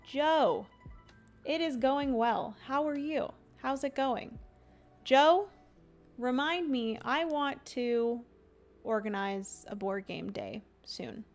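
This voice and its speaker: A woman's voice: high voice, animated, slow pace, faint music behind. A young woman streamer chatting casually and giggling as she rambles through a livestream.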